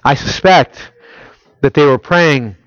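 A man preaching a sermon. He keeps asking the listeners rhetorical questions and swings between loud emphasis and quiet, intimate prayer-like tones. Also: on the high side, slow pace, no room sound, muffled recording. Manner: asks the audience rhetorical questions. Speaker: pastor.

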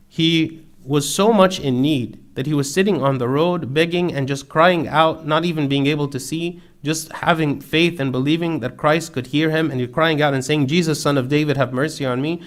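A man preaching a sermon in an earnest, steady way, building emphasis through repetition. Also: a little high.

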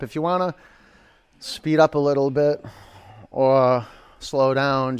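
Chatty man leading a yoga class. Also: mid-range voice. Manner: chatty, joking asides between cues. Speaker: yoga instructor. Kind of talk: live yoga class instruction.

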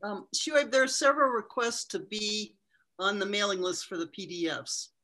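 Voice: mid-range voice, expressive, normal speed, pushed and bright. A moderator reading out questions from listeners in a plain way. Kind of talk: asking questions.

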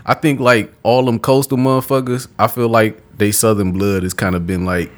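A man's voice: fairly low pitch, fairly even intonation, moderate pace. A man with a Detroit accent in casual chat, laid-back and joking, laughing often.

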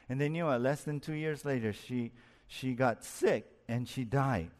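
A man's voice: mid-range voice, normal speed. Earnest male pastor in a reverberant hall. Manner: earnest, rises and falls for emphasis, asks listeners questions. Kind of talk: sermon.

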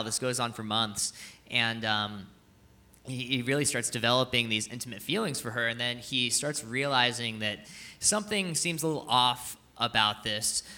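Man, very bright timbre, casual sermon storyteller, rambling and heartfelt. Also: mid-range voice. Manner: rambling, full of fillers and restarts; earnest and moved. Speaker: speaker sharing a film story.

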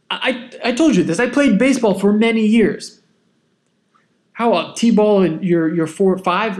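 A man hosting a podcast, telling a personal story in a casual, animated, self-mocking way. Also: high-pitched. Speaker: podcast host.

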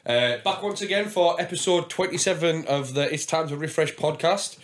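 A man's voice: on the high side, moderate pace. A man hosting a casual podcast, chatty and self-mocking, swearing freely as he tells stories. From England. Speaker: podcast host.

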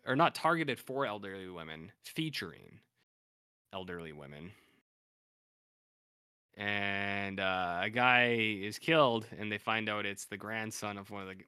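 Bright-voiced man retelling TV plots. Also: low-pitched, clear, resonant tone, no echo, clean studio sound. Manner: animated storyteller acting out character quotes. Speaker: podcast co-host. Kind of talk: casual chat.

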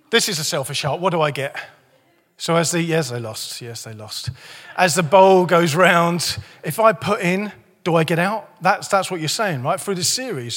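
A slightly hoarse man preaches in a church, his voice sitting a little high for a man. He keeps it conversational and jokey, and the sound rings with a long hall reverb. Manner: lively, joking, conversational preaching. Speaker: pastor. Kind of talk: sermon.

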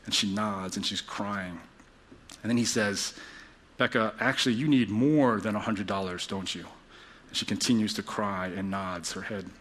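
A man preaching a sermon, telling a story earnestly and dropping to a hushed voice at tender moments. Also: on the low side, fairly even intonation, normal speed. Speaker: pastor.

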